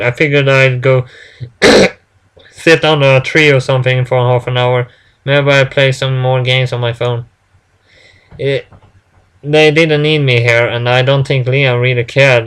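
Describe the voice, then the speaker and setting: Guy reading his story out loud, stumbles and restarts a lot, smooth clear voice. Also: mid-range voice. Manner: halting, with frequent restarts and fillers. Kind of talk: first-person story reading.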